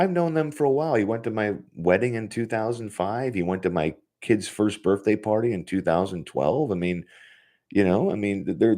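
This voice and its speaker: A man's voice: sits low, dark tone. A man in his forties hosting a casual solo podcast from his home office, rambling and swearing freely, laughing often. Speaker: podcast host.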